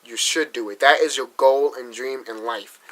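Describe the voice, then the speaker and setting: A man's voice: medium pitch, normal speed, pushed and bright, low-quality recording. A young man from Massachusetts venting in a casual vlog, talking bluntly and profanely with frequent restarts. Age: young adult. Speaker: vlogger. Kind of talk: frustrated vlog rant.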